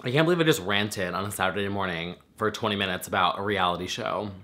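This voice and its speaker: A man's voice: lowish voice, fast, bright, forceful tone, slight background noise. A man talking casually to camera in a chatty reaction rant, swearing freely with lots of fillers. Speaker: vlogger.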